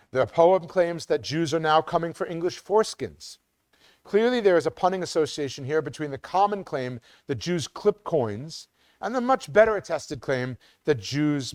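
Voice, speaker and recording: A middle-aged man lecturing to a community audience, his pitch rising and falling in lively sweeps. He catches himself mid-phrase now and then with an um or a restart. The sound is close and dry, with no room around it. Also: dry recording. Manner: reads quotes with sing-song emphasis, some restarts and ums. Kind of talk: academic lecture.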